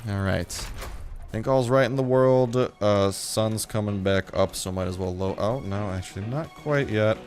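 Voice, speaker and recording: A man's voice: on the low side, unhurried, darkish tone, faint music behind. A young man giving upbeat, chatty gameplay commentary as a gaming YouTuber, talking to the animals on screen.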